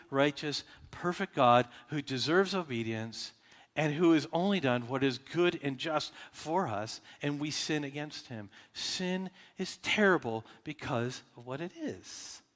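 A man's voice: fairly high pitch, a bit bright. A man preaching a sermon as pastor, talking conversationally with frequent restarts and rhetorical questions to his congregation. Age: adult with children. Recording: reverberant hall.

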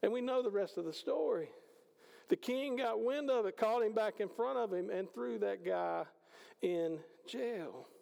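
A man preaching a conversational sermon, swinging between loud passages and hushed ones. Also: high voice, expressive, a little slow, creaky. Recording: hall reverb.

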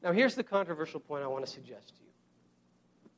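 Earnest high-voiced male preacher. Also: very animated. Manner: earnest, repeats key phrases slowly for emphasis; conversational, addresses the congregation directly. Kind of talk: sermon.

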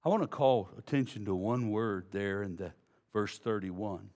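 A man preaching a sermon, folksy and direct with the congregation, swinging from low, quiet passages to loud emphasis. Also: normal speed. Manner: folksy, addresses congregation as y'all. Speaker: pastor.

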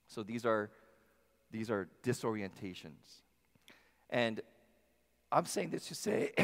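A male pastor preaching a sermon in a church, emphatic, swinging between loud passages and soft ones. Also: fairly low pitch. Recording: long reverb of a large hall.

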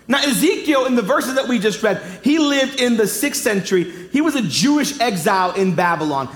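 High-voiced preacher in an echoey hall. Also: male voice, expressive, moderate pace, fairly bright tone. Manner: emphatic preaching, joking asides. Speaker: pastor. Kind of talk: sermon. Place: large church hall. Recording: echoey hall, long reverb.

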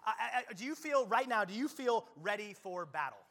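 A male pastor preaching a lively sermon at a church service, playful and joking with frequent quick restarts. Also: high voice. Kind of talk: lively sermon with audience play.

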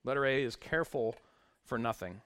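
A man's voice: mid-range voice, brisk, fairly bright tone, smooth. A male pastor preaching a sermon, reading scripture aloud with wry, conversational asides to the congregation.

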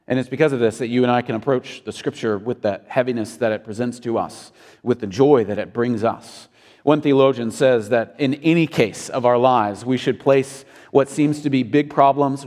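A man's voice: medium pitch, a little mellow, big-room sound. A man preaching a sermon as pastor, earnest and building to emphatic peaks.

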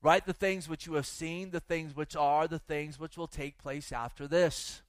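A man's voice: on the high side, steady tone, moderate pace, clear, resonant tone, dry recording. A male pastor preaching a fervent sermon to a church audience, exhorting the listeners and reading scripture. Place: church with a live and online audience.

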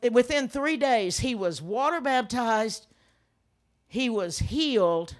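An older woman preaching a sermon, telling stories with animated emphasis and frequent laughs. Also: on the high side. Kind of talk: sermon with storytelling.

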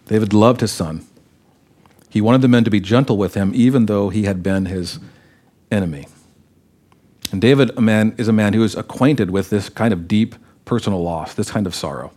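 A man's voice: fairly low pitch, moderate pace, long pauses, mellow. A man, a pastor, preaching a sermon and reading scripture aloud expressively, acting out the quoted lines.

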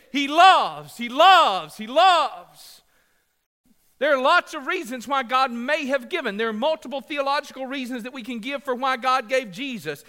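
A pastor delivers a passionate sermon in a high, bright, forceful voice. He leans on repetition for emphasis and jokes with the congregation between points. His voice rings out through a reverberant church sanctuary.

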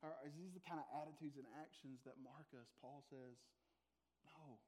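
A man's voice: medium pitch, fairly quick, darkish tone. A man preaching a sermon, conversational, with humorous asides to the congregation. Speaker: pastor.

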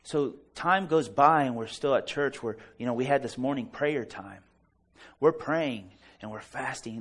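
A preacher telling an animated, self-deprecating story during a church service. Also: male voice, medium pitch, a little slow, husky. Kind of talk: storytelling sermon.

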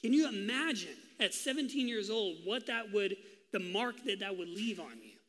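A man preaching a sermon as pastor, telling the story with lively, acted-out quotes. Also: high voice, moderate pace, in a large hall. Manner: animated storytelling, acting out voices in quotes.

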